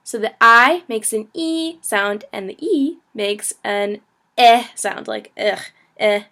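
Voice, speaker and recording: Young woman, fairly high voice, casual video lesson, chatty, laughs a lot, filler words. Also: slow, fairly bright tone. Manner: chatty, lots of "like" and "you know", laughs easily. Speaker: language teacher, travel vlogger.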